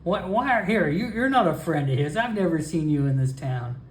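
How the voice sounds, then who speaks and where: A solo role-player voicing a suspicious, sharp-tongued townswoman in a sarcastic drawl, recorded in an echoey room. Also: medium pitch, expressive, normal speed, a little hiss or hum, close to an everyday voice.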